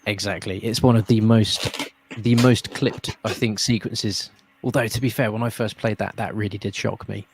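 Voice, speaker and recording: Low-voiced man hosting chat. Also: fairly even intonation, normal speed, hardly any pauses. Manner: friendly, rambling, laughs often. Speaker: host. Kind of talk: casual chat. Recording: faint noise.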